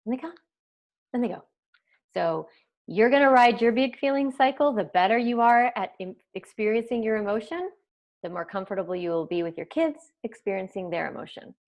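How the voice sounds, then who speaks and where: A woman's voice: a little high, lively intonation, fairly quick, a little mellow. A woman parenting coach leads a live online training. She talks in a conversational, chatty way and keeps turning to the viewers with casual asides.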